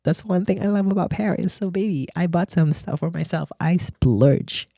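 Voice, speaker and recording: A man's voice: high voice, unhurried, dark tone, no echo. A man, a nurse hosting his own podcast, chatting in a sassy, gossipy way straight to his listeners from a studio. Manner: sassy, chatty, calls listeners bestie and baby. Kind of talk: casual solo podcast chat. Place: recording studio.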